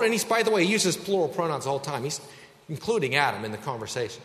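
A man preaching a sermon as pastor, emphatic, slowing down to stress key words. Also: a little high, expressive, fairly bright tone, reverberant, long reverb tail.

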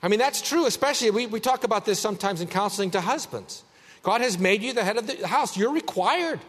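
A man preaching a sermon as pastor, emphatic, swinging between a raised voice and a hushed one. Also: high-pitched, lively intonation, quick pace, big-room sound.

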